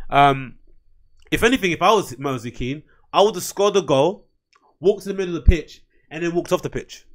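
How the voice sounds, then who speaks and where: A man's voice: fairly high pitch, expressive, moderate pace. A man hosting a solo podcast, talking in a loose, rambling way with frequent swearing. His voice sits a little above the usual male range, and he flares up into heated outbursts. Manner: blunt, profane, rambling, heated. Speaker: podcast host. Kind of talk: casual solo rant.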